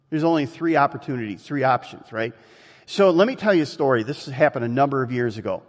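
A man preaching a sermon and telling a story with lively, animated delivery. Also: long reverb tail. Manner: animated storytelling, jumps in pitch. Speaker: pastor.

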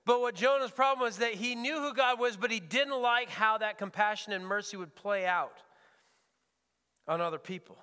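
A man's voice: high voice, normal speed, sharp tone, smooth, long reverb tail. A man preaching as a pastor, earnest and often repeating words as he searches for the phrasing. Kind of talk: sermon. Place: church sanctuary.

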